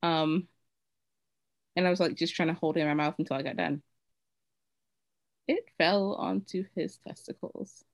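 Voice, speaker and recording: Woman co-host, low voice, dry close mic, candid and rambling. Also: moderate pace, long pauses, no echo. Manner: candid, rambling storytelling with many fillers. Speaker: podcast co-host. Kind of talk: casual chat.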